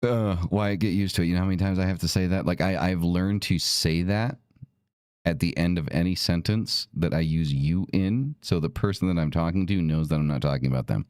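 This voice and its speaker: A man's voice: sits low, fairly quick, a little mellow, clear, resonant tone, no echo. A man hosting a podcast, talking casually, blunt and profane with emphatic delivery. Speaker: podcast host. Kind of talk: casual talk.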